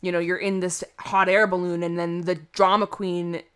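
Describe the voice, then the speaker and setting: A woman's voice: fairly low pitch, little pitch movement, moderate pace, fairly bright tone, smooth. A woman giving a casual tarot reading to camera, chatty and rambling, often laughing at herself. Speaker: tarot reader.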